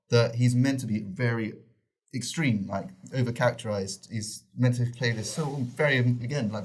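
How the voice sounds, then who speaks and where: A man co-hosting a podcast, talking eagerly in casual chat and often restarting sentences. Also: mid-range voice. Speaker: podcast co-host. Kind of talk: casual film review chat.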